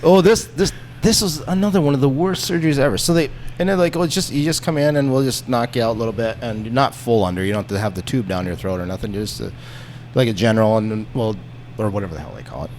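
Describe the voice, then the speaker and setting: Man, podcast guest, casual storytelling, profane, mid-pitched, faint background noise. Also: quick pace. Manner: animated, profane, acts out the people in his story.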